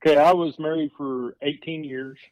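A man's voice: a little high, steady tone, normal speed, darkish tone, no room sound. A man with a West Texas accent, calling in to a podcast and chatting in an easygoing, slightly hesitant way. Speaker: caller. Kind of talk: casual interview chat. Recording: dull lo-fi line.

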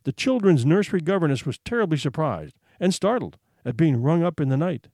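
A man narrating a short story in an expressive, suspenseful reading. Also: fairly high pitch, brisk, hardly any pauses, no echo, studio quality. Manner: expressive, suspenseful, hushed for tension.

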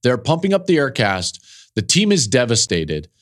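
A man's voice: mid-range voice, wildly swooping pitch, moderate pace. A middle-aged man hosting a football podcast, telling an emotional story in an earnest way that builds in intensity. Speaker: college football analyst and podcast host.

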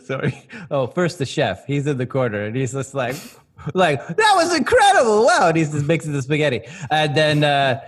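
A man playing a character in a tabletop game, telling his part with laughs and halting restarts. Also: mid-range voice, fairly even intonation. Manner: giggly, halting storytelling. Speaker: player. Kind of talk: casual tabletop play.

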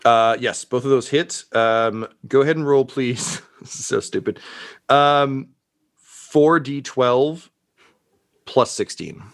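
A man's voice: mid-range voice, slow pace. A man narrating as game master of a tabletop game, casual and profane, laughing often with many fillers.

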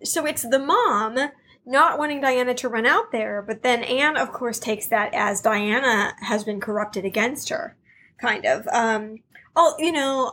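A high-voiced, middle-aged woman chats casually as a podcast co-host, laughing often as she recaps. A faint hum of background noise sits under her voice. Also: a bit bright.

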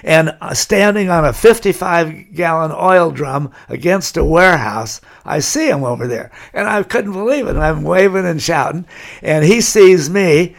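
A man's voice: a little high, lively intonation, moderate pace, gravelly. An older man from California, telling long anecdotes in an interview and chuckling as he goes. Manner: rambling anecdotal storyteller, chuckles. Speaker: guest. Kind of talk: storytelling interview.

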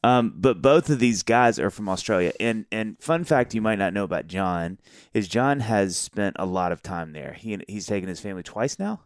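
Middle-aged guy cohosting a podcast, kinda low voice, jokey, trips over his words a lot, dry close studio mic. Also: lively intonation, normal speed, no room sound. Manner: joking, laughs often, stumbles and restarts. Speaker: podcast co-host. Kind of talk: casual chat.

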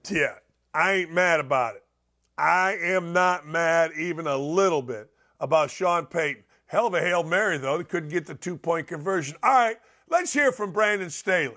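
A man hosting a sports podcast, ranting opinions on football with blunt, loud outbursts. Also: fairly high pitch, normal speed. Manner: loud, animated, ranting, swings into shouts.

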